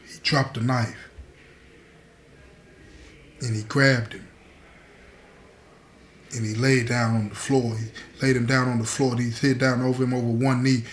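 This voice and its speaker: A man's voice: flat delivery, a little slow, pauses often, roomy sound, slight background noise. A man telling a story to his viewers in a streetwise, earnest way, speaking to them directly as "y'all" from inside prison. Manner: drops softer and lower as the story turns grave. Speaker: storyteller host.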